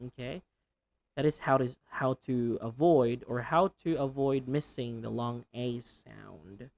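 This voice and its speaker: A woman teaching English pronunciation, repeating sounds and words over and over, slow and deliberate, with playful asides. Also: very deep voice, creaky, a little mellow. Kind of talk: pronunciation lesson.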